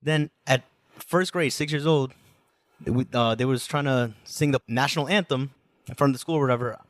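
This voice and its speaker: Telling his story as a guest musician on a podcast, this New Jersey man in his twenties speaks with a medium pitch at a moderate pace. The chat is casual, slangy and rambling, stuffed with fillers, and there is no room sound.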